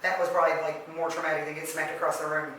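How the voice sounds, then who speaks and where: A woman guest calmly recounting her experiences in a matter-of-fact way in casual conversation. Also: low-pitched, rapid-fire. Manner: even, matter-of-fact telling of eerie experiences. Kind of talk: casual storytelling. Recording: echoey room, distant mic, faint noise.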